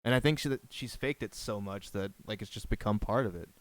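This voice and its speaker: A man's voice: fairly low pitch, brisk. A man co-hosting a casual podcast, emphatic and teasing, swearing freely. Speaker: podcast co-host. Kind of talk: casual chat.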